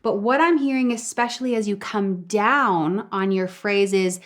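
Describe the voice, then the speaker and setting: A woman's voice: medium pitch, measured pace. Woman vocal coach hosting a live lesson.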